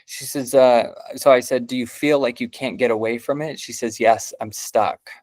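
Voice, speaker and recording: A man's voice: mid-range voice, steady tone, moderate pace, a little mellow. A man who is a parent teaches about body sensations, telling a story in a loose, casual way with many fillers. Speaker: trauma healing teacher.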